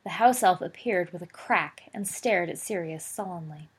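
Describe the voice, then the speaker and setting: Gravelly husky woman narrating a story. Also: lowish voice, normal speed. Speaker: audiobook reader.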